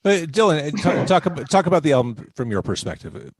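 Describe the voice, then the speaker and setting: A man's voice: on the high side, very animated, a little fast, over a noisy crowd. A man hosting a podcast interview in a casual, playful, teasing way. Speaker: podcast host.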